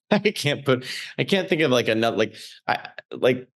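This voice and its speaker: A man, a comedian guest, telling rambling, animated stories on a casual podcast, swearing freely. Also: mid-range voice, moderate pace.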